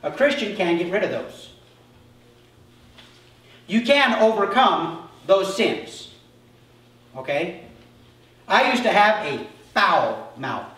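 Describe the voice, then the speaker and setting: A man's voice: sits high, big pitch swings, slow pace, pauses often, a bit bright. A male pastor preaching a conversational sermon, acting out little dialogues as he goes. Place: church sanctuary. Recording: echoey church hall, mic far off.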